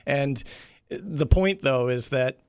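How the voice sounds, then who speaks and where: A man's voice: mid-range voice, takes it slowly, vocal fry, darkish tone, clean tone, no echo. A man city councillor speaking on a radio panel in a candid, conversational way, using many fillers.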